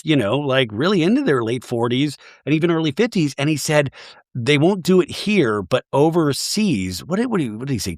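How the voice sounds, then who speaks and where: A male podcast host rattles through a reality-show recap in a casual comedic way, his pitch swinging up and down all the time. He rambles and drops jokey asides. The sound is close and dry, with no room echo.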